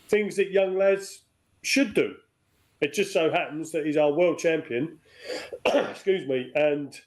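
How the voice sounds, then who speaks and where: A middle-aged man, chatting as a pundit in a relaxed, easygoing way. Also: a little high. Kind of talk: casual chat.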